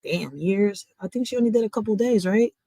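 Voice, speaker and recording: A woman talks bluntly to her viewers while reacting to a news clip. Her voice sits mid-range and the room sounds dry and close. She keeps a chatty, animated tone. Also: medium pitch, a little fast, no echo, low-quality recording. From Philadelphia, USA. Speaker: host of a reaction channel. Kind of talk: casual reaction commentary.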